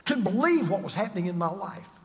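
An older man preaching a sermon as a pastor, dramatic, swinging from loud to hushed. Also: high-pitched, sing-song, fast talker, long reverb tail.

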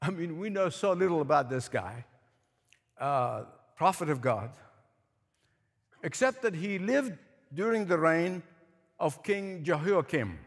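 A man's voice: fairly high pitch, lively intonation, measured pace, pauses often. A man preaching a sermon, emphatic, repeating points for stress and asking his listeners questions. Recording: echoey hall with long reverb.

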